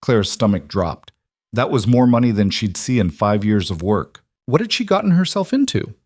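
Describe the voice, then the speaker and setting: A man with a low voice narrates a dramatic historical story in a steady, measured manner. The recording is dry and close, with no room sound. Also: no echo. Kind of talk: scripted narration.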